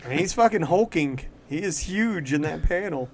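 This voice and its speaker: A man co-hosting a podcast, chatting casually about comics in a loose, profane way, full of "like" fillers and quick laughs. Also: fairly high pitch, lively intonation, a little hiss or hum. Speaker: podcast co-host. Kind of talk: casual comic-book chat.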